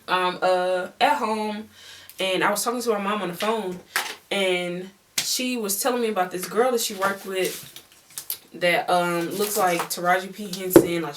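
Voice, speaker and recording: A young woman telling a story on her vlog in a casual, animated, slangy way, repeating words for emphasis. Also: mid-range voice, distant mic, slight background noise. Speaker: beauty vlogger.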